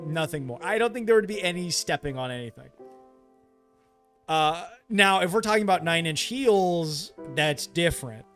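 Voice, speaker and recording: A man's voice: on the high side, a bit bright. A man streaming a game late at night, joking around and answering his chat, easily startled into yelps. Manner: jumpy, yelps when startled. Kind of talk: casual live gameplay chat.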